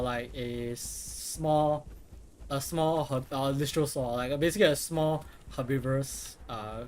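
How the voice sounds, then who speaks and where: Rambling, profane young gaming streamer. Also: male voice, medium pitch, a little hiss or hum. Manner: rambling, profane, restarts a lot. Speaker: game streamer. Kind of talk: casual live gameplay commentary.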